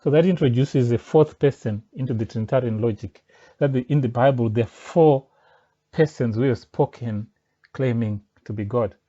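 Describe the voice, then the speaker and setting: A man with a mellow, mid-range voice at normal speed argumentatively rebuts a pastor's teaching, pushing each point in turn. He is a religious commentator, and the audio is dull and lo-fi.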